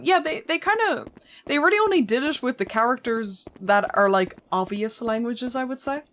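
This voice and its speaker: A woman's voice: a little high, animated, normal speed, fairly bright tone. A woman with an American accent, chatting casually with viewers as a game streamer and reacting aloud to their comments. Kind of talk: casual chat with viewers while playing.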